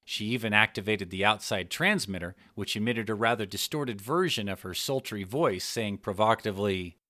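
Low-voiced man narrating a story. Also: normal speed, pushed and bright, no echo, clean studio sound. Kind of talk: scripted narration of an adult story.

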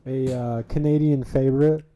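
A man who is a guest on a casual podcast, cracking dry, deadpan jokes. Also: mid-range voice, normal speed, slight background noise. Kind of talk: casual chat.

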